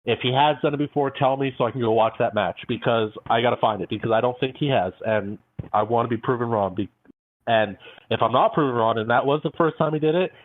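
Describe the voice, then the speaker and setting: A man co-hosting a podcast, chatting excitedly about wrestling and going off on tangents, speaking into a headset. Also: mid-range voice, fast talker, dry recording. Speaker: podcast co-host. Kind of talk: casual wrestling podcast chat. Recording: tinny phone-like line, dry.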